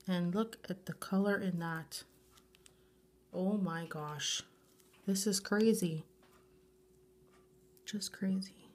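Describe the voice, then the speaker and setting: A woman vlogging as she unboxes a grab bag of nail supplies, gushing with breathless exclamations and repeating herself. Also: medium pitch. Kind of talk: unboxing a grab bag, excited casual chat.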